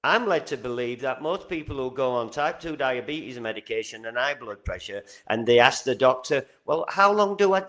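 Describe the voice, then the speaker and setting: A man from England with a Northern English accent, a guest talking earnestly in a casual interview, getting animated as he tells stories. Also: mid-range voice, moderate pace, few pauses. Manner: earnest, animated when telling stories, frequent restarts. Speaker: podcast guest.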